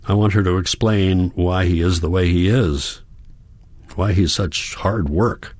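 Deep-voiced man reading a novel. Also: no room sound. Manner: calm, measured, reflective. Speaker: audiobook narrator. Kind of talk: first-person novel narration.

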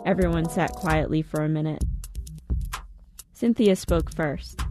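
A woman narrating a first-person story in a measured, reflective manner. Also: low-pitched, fairly even intonation, over loud music. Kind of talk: audiobook narration.

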